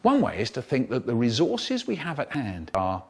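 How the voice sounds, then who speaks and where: A man, a children's poet telling stories and giving writing tips in an expressive storyteller's manner. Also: moderate pace, creaky. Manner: animated, expressive storyteller with big swoops in pitch. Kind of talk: storytelling talk, chopped into a comedy remix.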